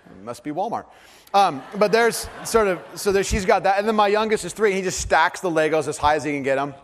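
A man in his thirties preaches with an earnest, fairly high voice. He drops to a hush for the heavy moments and turns animated when he tells a story. The sound rings with the long reverb of a large hall. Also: a little fast. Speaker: pastor. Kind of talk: sermon.

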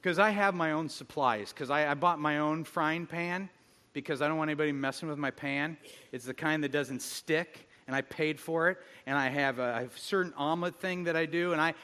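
A middle-aged man preaching a sermon as pastor, telling stories with animated, self-mocking humor. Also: on the high side, normal speed. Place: church hall. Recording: long hall reverb.

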